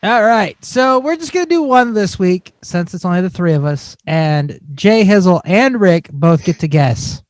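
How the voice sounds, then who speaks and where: High-voiced podcast guy, dry close mic. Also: lively intonation, moderate pace, hardly any pauses, no echo. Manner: teasing, reads tweets and segment prompts. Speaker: podcast co-host. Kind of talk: comedic podcast banter.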